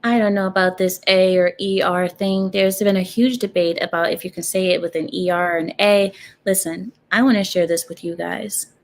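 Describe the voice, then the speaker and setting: A woman's voice: medium pitch, steady tone, normal speed, slight background noise. A woman hosting a casual stream, reacting to clips and chat and arguing her points through rhetorical questions with frequent laughter.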